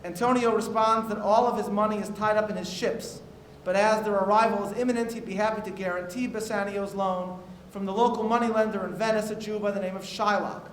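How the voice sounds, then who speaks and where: A man's voice: high voice, steady tone, brisk, hardly any pauses. A man moderating a university discussion, reading out prepared remarks and quotations, with frequent "uh" fillers between phrases. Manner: reads quotes aloud with frequent "uh" fillers. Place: university auditorium. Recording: echoey hall with faint noise.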